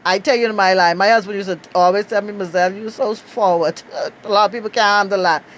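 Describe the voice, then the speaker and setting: A middle-aged Bahamian woman with a Bahamian accent, telling a lively, outspoken story and laughing often. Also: fairly quick, slight background noise. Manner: animated, outspoken, laughs often, acts out quotes in high bursts. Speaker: travel storyteller. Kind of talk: casual storytelling.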